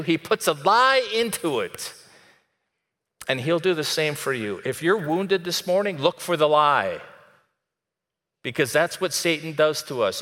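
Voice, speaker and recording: A man preaching a sermon in a conversational way, dropping soft and then rising to emphatic. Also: a little high, in a large hall. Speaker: pastor.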